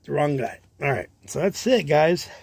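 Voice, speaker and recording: A man hosting a casual livestream, chatting in a relaxed way and talking to himself as he sorts baseball cards. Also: a little high, normal speed, creaky, husky, no echo, studio quality. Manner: relaxed, chatty, talks to himself while sorting. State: tired, yawning. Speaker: livestream host, card collector. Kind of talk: casual livestream chat while sorting cards.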